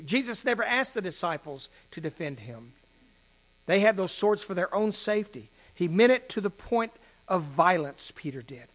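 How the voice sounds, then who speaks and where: Dramatic preacher man, higher voice. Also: animated, normal speed. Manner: dramatic, shifting between hushed and emphatic. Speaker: pastor. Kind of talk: sermon.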